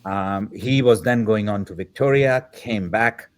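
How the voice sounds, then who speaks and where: A middle-aged man with a low voice recounts a story as a podcast guest, animated throughout. He slips into the voices of the people he describes and keeps the tale moving. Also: measured pace. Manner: animated, acts out the dialogue of the people in his story. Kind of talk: storytelling in an interview.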